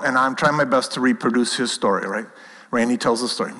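A man delivers a sermon in an earnest, conversational way, circling back and restarting as he presses his point. His voice sits at an ordinary middle pitch. The sound carries a long reverb, as in a church hall. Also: fast, bright, forceful tone. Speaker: pastor.

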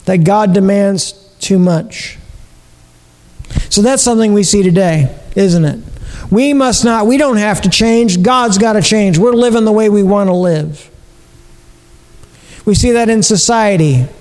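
A man with a high voice delivers a sermon as pastor. He preaches earnestly, repeating his points and asking rhetorical questions. His voice carries a long reverb from the church hall. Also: darkish tone.

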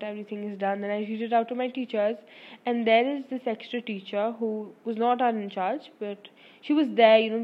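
A young woman, a student, telling a story in a fast, rambling way, full of fillers and self-corrections, and swearing casually. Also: a little high. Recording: dull lo-fi recording.

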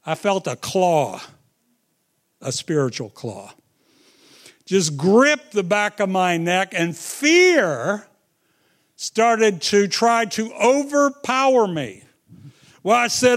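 Slow, high-voiced male preacher. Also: big pitch swings. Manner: storytelling, dramatic swings between loud and hushed. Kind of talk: sermon.

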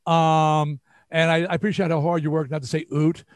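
A man's voice: a little high, fairly quick, no room sound, clean studio sound. An older man with a New York accent, telling stories as an interview guest and acting out what people said. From New York area. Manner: animated, acts out quotes. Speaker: guest musician. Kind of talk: storytelling interview.

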